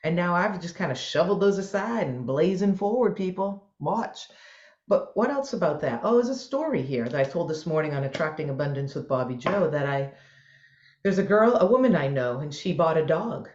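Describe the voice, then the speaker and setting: A woman with a fairly low voice, coaching listeners with lively, upbeat conviction. Her talk bounces between storytelling and pep talk. The sound is roomy and a little dull, as if from a lo-fi home setup. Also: normal speed. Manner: enthusiastic, motivational, animated storytelling. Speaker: co-host, mindset coach. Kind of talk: casual podcast chat.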